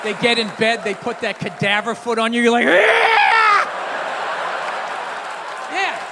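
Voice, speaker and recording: A male stand-up comedian rants with profanity and bursts of shouting. His voice sits very high for a man. It carries through a reverberant hall, with a live crowd and steady noise behind him. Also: fast.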